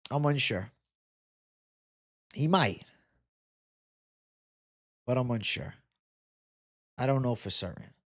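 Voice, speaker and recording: A man's voice: mid-range voice, animated, slow pace, pauses often, fairly bright tone. A man hosting a casual livestream, reading chat comments aloud and joking in a laid-back way with casual swearing. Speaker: livestream host.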